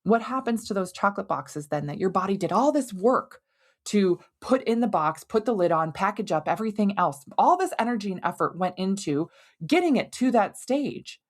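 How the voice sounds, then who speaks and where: A woman hosting a health podcast, explaining in a conversational, animated way and leaning on everyday analogies. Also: medium pitch, moderate pace. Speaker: podcast host and hormone health doctor. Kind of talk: educational podcast monologue.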